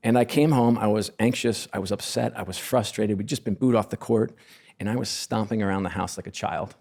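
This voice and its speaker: A man's voice: on the low side, steady tone, fairly quick, darkish tone. A middle-aged man, a podcast guest from sports business, telling stories in an earnest, effusive, self-deprecating way. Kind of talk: casual conversational storytelling.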